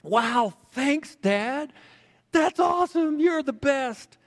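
A man voicing a timid, excited little boy who pleads eagerly with his father. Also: high voice, normal speed, voice pushed up. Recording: long hall reverb.

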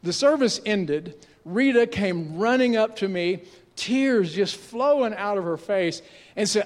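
The long reverb of a large hall surrounds a sixty-something pastor's high-sitting voice in a church sanctuary. He tells a story at a measured pace during his sermon, conversational and animated, often restarting.

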